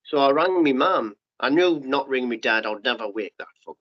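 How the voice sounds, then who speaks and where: A middle-aged man telling his story as a podcast guest, blunt and sweary, with quick restarts and acted-out quotes. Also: medium pitch, animated. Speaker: podcast guest, former paratrooper. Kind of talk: candid storytelling interview. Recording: muffled lo-fi podcast audio.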